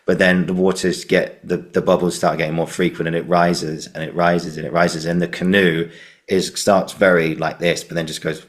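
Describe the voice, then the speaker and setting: A man's voice: deep voice, flat delivery, moderate pace. A man hosting a podcast interview, rambling loosely through stories with lots of fillers. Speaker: podcast host. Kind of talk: casual interview chat.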